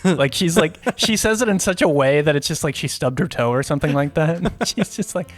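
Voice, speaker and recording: A podcast co-host with a fairly high-pitched voice chats casually about a movie at a fairly quick clip. He laughs often and rambles through filler words in this relaxed review.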